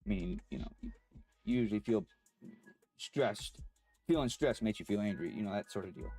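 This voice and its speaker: A man telling a personal story in a halting, rambling way, pausing as the emotions come back. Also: fairly low pitch, big pitch swings, vocal fry, dark tone, slightly rough, soft background music. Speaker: vlogger.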